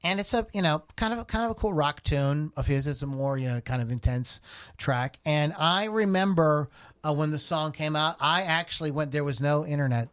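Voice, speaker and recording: A man's voice: fairly high pitch, normal speed, fairly bright tone, smooth. A man hosting a casual chat, rambling with lots of restarts and fillers. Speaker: podcast host.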